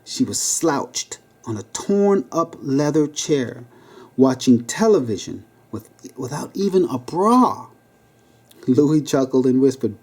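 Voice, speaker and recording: A man's voice: mid-range voice, expressive, takes it slowly, darkish tone. A man reading his own memoir aloud as an audiobook narration. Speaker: memoir reader.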